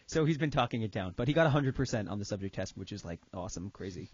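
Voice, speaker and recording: A man's voice: lowish voice, lively intonation, quick pace, darkish tone, breathy edge, no echo, muffled recording. A teenage boy on a talk show panel, chatting casually and joking around. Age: teens. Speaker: teen panelist. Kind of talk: casual chat.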